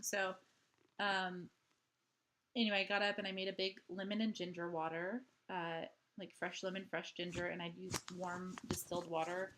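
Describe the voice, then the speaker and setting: A woman's voice: lowish voice, fairly even intonation, moderate pace, creaky, a bit bright. A woman chatting casually at home in a video diary, rambling with lots of "like" and "um". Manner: rambling, full of "like" and "um" fillers. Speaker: vlogger. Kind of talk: casual diary-style chat.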